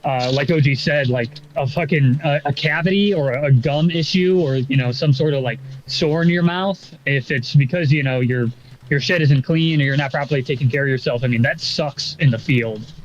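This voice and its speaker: A man's voice: mid-range voice, moderate pace, dull audio, a little hiss or hum. A man chatting casually as a podcast co-host, rambling with lots of fillers and swearing. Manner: rambling, many fillers and profanity. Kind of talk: casual chat.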